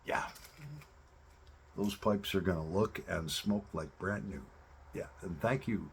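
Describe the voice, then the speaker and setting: A man speaks in an unhurried, drawn-out way, letting his stories wander. His voice sits fairly low and is deeply husky and rough-edged. He sounds like someone chatting casually to his viewers about his day. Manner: relaxed, rambling storytelling with drawn-out pauses. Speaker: pipe-smoking vlogger. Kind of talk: casual chat to camera.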